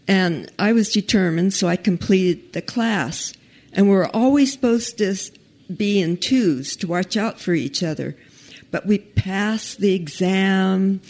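A woman recounting a personal experience in a relaxed, everyday speaking voice. She takes her time, pausing and correcting herself mid-sentence, and her pitch sits in the middle of the usual range. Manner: unhurried, conversational, with pauses and restarts. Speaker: storyteller. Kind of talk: personal storytelling.

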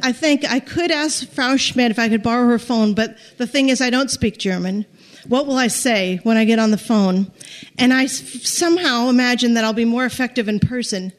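A middle-aged American woman with a high, light voice tells a personal story. She builds up the drama and acts out her own quoted speech with feeling. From United States. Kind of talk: personal story told to listeners.

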